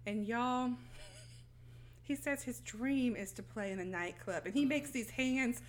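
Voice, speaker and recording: A woman's voice: fairly high pitch, takes it slowly. A woman co-hosting a podcast, telling a film's story in casual chat and acting out the characters' lines. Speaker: podcast co-host recapping a film.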